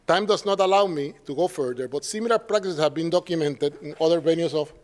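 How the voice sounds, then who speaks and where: A man with a Puerto Rican Spanish accent gives an academic lecture to a symposium audience. His voice sits a little high, and he keeps it conversational, tossing out quick tag questions and acting out the people he quotes. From Puerto Rico. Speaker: professor giving a symposium talk.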